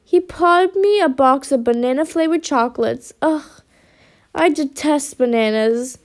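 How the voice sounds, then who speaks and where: A woman reading a children's storybook aloud with lively expression. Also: high voice, moderate pace.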